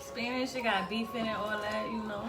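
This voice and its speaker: A woman's voice: on the high side, fairly even intonation, brisk. A woman hosting a live mukbang, chatting casually and teasing her friend with crude jokes and frequent laughter. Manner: teasing, laughing often, profane banter. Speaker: mukbang host. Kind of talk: casual chat. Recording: echoey room with loud music.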